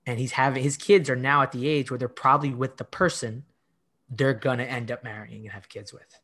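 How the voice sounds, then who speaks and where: A man's voice: medium pitch, steady tone, brisk, pushed and bright. A middle-aged man, a fitness coach, telling stories in a casual podcast interview with emphatic delivery, often acting out his own past words. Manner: frequent "like" fillers and restarts.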